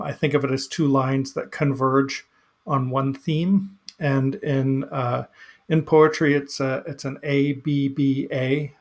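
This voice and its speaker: Man reading scripture, then musing aloud. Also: medium pitch. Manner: measured reading, then hesitant musing with many fillers. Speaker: podcast host reading psalms. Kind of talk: scripture reading and casual commentary.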